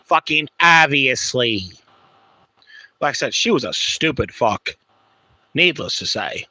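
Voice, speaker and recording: A man's voice: mid-range voice, very animated, normal speed, sharp tone, husky, dry recording. A man hosting a podcast, telling a rambling personal story in a blunt, profane, casual way. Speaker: podcast host.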